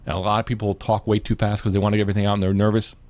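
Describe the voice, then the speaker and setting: A man's voice: fairly low pitch, flat delivery, very fast, a little mellow. A man hosting a live video show, chatting casually with many restarts and "you know"s. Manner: rambling, repeats words, many "you know"s. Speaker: host.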